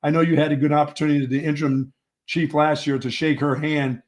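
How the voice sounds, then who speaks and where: A man co-hosts a sports talk show in loose, casual banter. His voice sits slightly high for a man, and he rambles through stories, stumbling and restarting his words. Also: flat delivery, quick pace. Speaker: sports radio co-host.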